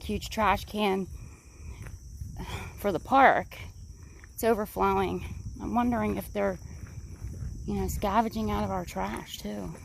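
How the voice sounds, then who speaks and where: Walking a wooded park trail outdoors, a woman vlogger narrates casually in a medium-pitched, gravelly voice, rambling and excitable and a bit out of breath. Crickets and faint background noise sit behind her.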